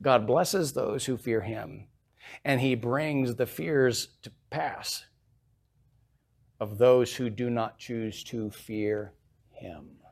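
A man's voice: mid-range voice, slow, darkish tone. A man preaching a sermon as pastor in a church, reading scripture aloud with emphatic rises and then explaining it in a plain, conversational way.

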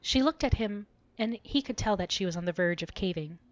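A woman co-hosting a podcast, reading a story aloud with lively expression and joking banter. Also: medium pitch, fairly quick, dry recording, muffled recording. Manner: expressive, giggly.

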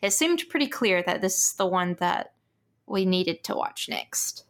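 A woman co-hosting a podcast in casual chat, talkative and quick to laugh. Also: on the low side, big pitch swings. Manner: chatty, laughs easily. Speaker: podcast co-host.

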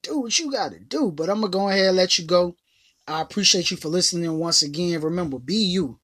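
A woman's voice: on the low side, animated, a little fast, a bit bright, breathy edge. A woman hosting a casual motivational talk, who speaks emphatically and repeats her phrases in a slangy, conversational way. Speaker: motivational podcast host.

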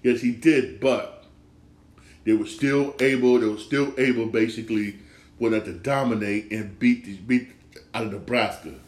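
A man's voice: medium pitch, fairly even intonation, moderate pace, echoey room. A man hosting a casual solo sports talk show, emphatic and repetitive, circling back to the same points again and again. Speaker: sports podcast host.

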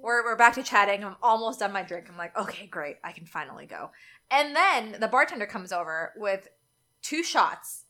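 Bright-voiced young woman telling a story. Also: normal speed. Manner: animated, acts out quotes with big pitch jumps. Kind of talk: casual storytelling chat.

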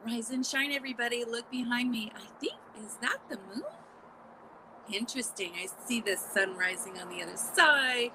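A woman hosting a casual live morning chat, exclamatory and chatty, with a scratchy throat she keeps clearing. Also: high-pitched, pushed and bright. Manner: chatty, exclamatory, frequent little laughs. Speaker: podcast host.

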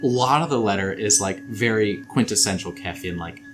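A man's voice: lowish voice, a little fast, background noise. A man narrating as game master of a tabletop game, laid-back and hesitant, with frequent ums.

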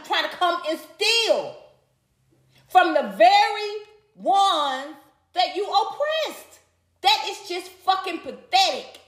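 Fired-up woman ranting on a live stream. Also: high-pitched. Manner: heated, profane, talks straight to her viewers. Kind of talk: casual live-stream commentary. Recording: echoey room.

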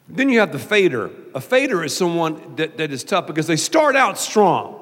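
Southern male pastor, high and playful, sermon with a long hall echo. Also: a little fast, hardly any pauses, a little hiss or hum. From American South. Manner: animated, jokey, does mock voices. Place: large church auditorium. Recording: long reverb of a large hall.

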